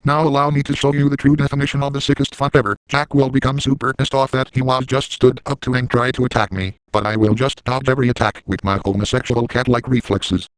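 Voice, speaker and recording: A boastful middle-aged villain, voiced by a man, gloats through a first-person comic monologue. His tone is smooth and clean, and the recording is dry and close with no room sound. He stays gleeful and self-satisfied throughout. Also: mid-range voice, steady tone, fast talker, few pauses, no room sound, close to an everyday voice, rough recording.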